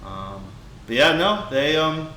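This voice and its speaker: This young man's voice sits on the high side, bright and forceful, very animated yet unhurried. As a podcast co-host in casual conversation, he tells a heartfelt story that rambles and restarts often. The recording has room echo and a faint hiss.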